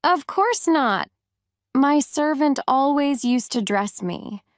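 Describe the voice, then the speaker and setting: A woman's voice: sits high, expressive, slow, no room sound, studio quality, voice pushed up. A woman reading a storybook voices a spoiled, bad-tempered young girl who speaks in a haughty, petulant way.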